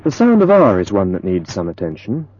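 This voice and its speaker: Male language tutor, lively intonation, dull dry lo-fi tape sound. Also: low voice, slightly rough, no echo. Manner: slow, careful, modeling words for repetition. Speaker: language teacher. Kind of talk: scripted pronunciation lesson.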